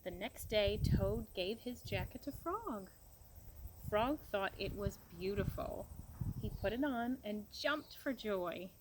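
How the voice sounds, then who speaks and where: A woman reading a picture book aloud to a child, gentle and expressive, pausing to ask questions. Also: medium pitch, background noise.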